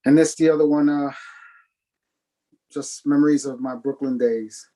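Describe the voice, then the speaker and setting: A man reading his poems at an online open mic over a video call, in a calm, measured way, switching between English and Spanish. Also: fairly high pitch, rough recording. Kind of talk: poetry reading.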